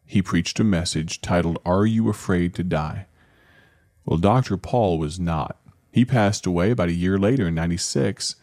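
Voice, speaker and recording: Radio host guy, low voice, earnest, dry close sound. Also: darkish tone, dry recording. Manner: earnest, inviting listeners in. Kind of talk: broadcast introduction.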